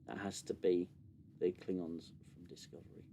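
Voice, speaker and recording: A man's voice: deep voice, flat delivery, normal speed, warm tone, slight background noise. A British man hosting a casual livestream and reviewing a show, rambling with many fillers and restarts into a desk mic. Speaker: livestream host.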